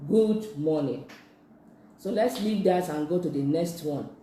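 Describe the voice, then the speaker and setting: A sign language instructor, teaching slowly and patiently in a live-streamed lesson, repeating each phrase many times. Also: mid-range voice, dark tone, slight background noise. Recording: echoey room.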